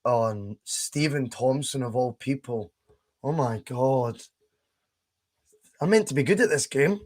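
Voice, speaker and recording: A man's voice: medium pitch, slow, a little mellow. A young Scottish man hosting a casual live stream, chatting, laughing and reading out viewer comments as he plays. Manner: chatty, laughs often, reads chat aloud. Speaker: podcast host streaming a game.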